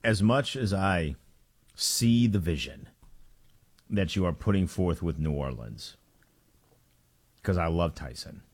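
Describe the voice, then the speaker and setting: Deep-voiced male sports radio co-host. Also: lively intonation, slow pace, pauses often, slightly rough. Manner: casual, laid-back.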